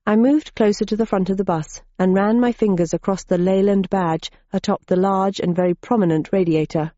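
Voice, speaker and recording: A woman's voice: mid-range voice, fairly even intonation, a little fast, dark tone, no room sound, dull audio. A woman reading a first-person audiobook in a wry, dry, observant manner. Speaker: audiobook narrator.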